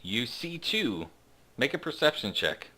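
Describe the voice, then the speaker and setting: A man narrating a tabletop game as game master, halting with many fillers. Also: medium pitch, very animated, sharp tone.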